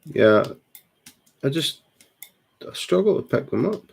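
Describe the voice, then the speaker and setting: A man's voice: medium pitch, big pitch swings, measured pace, vocal fry, slightly rough. A Scottish man chatting casually at home about his crafting hobby, plainspoken and dry. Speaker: co-host, diamond painting hobbyist. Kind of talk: casual chat. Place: home, indoors.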